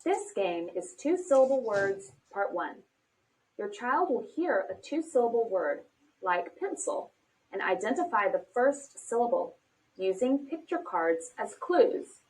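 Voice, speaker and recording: A woman giving scripted narration for an instructional video, speaking slowly and clearly in an encouraging teacher manner. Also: on the high side, sing-song, a little mellow. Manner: slow, clearly paced, encouraging teacher talk. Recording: distant from the mic.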